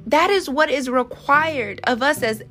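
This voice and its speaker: A woman's voice: high voice, a little slow, bright, forceful tone, soft background music. A woman hosting a faith podcast, encouraging listeners in casual, slangy speech, then praying with fervent, repeated appeals. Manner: fervent, repetitive prayer cadence. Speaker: podcast host. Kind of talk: faith podcast devotional and prayer.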